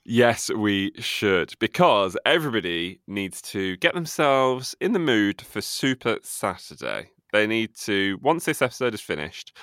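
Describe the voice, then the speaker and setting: A man's voice: lowish voice, fairly bright tone, no room sound, clean studio sound. A man co-hosting a podcast in casual chat, running a quiz with a teasing, playful delivery. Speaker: podcast co-host.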